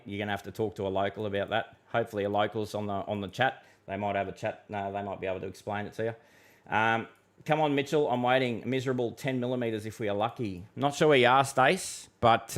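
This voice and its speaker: Australian guy with a lowish voice, forecaster on a live stream, easygoing and frank with viewers. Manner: casual and blunt, calls viewers mate and bud. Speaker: weather forecaster host. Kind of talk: live-stream Q&A, reading chat questions.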